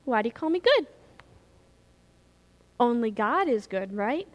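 A gentle, patient teacher, as a woman preacher voices him. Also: sing-song, long reverb tail, lo-fi sound. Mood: questioning. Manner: soft, low, unhurried. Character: gentle, tender male teacher, calm and patient.

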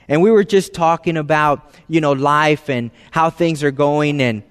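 A high-voiced man preaches a sermon as a pastor. His delivery is conversational and easy, and he drops to soft, hushed phrases for emphasis. His voice rings out in a long, reverberant church hall. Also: a little slow, smooth.

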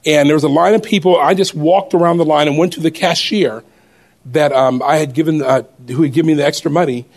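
A man telling a personal testimony story to a congregation in an animated way, often laughing as he goes. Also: a little high, quick pace.

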